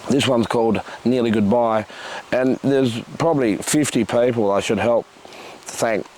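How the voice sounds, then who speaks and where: A man's voice: medium pitch, a little mellow. A middle-aged Australian man from Western Australia reads his own poetry, with blunt, crude asides between poems. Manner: slow, deliberate recitation with blunt, crude asides. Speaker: poet. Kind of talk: poetry reading with spoken asides.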